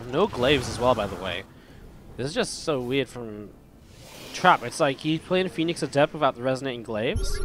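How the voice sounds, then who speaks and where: With noise in the background, a man casts a live esports match as caster and host, giving play-by-play and rambling to his viewers. His medium-pitched voice carries a slight strain.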